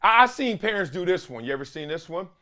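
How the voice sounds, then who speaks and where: Male host, high and swooping, emphatic slangy commentary. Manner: animated and emphatic, slangy, drawn-out for stress. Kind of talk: sports commentary monologue.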